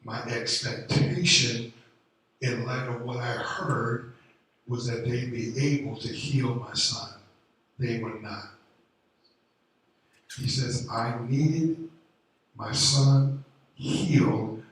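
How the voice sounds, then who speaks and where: Slow, deliberate male preacher in echoey church. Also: medium pitch, fairly even intonation, a bit bright. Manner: slow deliberate preaching, rising in intensity and volume. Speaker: pastor. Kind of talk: sermon. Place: church sanctuary. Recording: very echoey room, voice from a distance.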